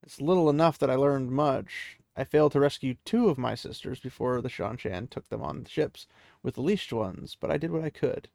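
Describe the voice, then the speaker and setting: A serene, composed sorceress, played by a male storyteller, speaking calmly and with measured words. The voice carries a gravelly grain and a dry, close sound in a casual fantasy retelling. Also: medium pitch, no room sound, lightly acted.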